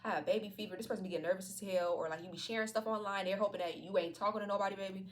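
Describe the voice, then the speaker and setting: A woman's voice: mid-range voice, fairly even intonation, rapid-fire. A woman giving a casual tarot reading to her viewers, talking in a slangy, profane and playful way. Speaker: tarot card reader.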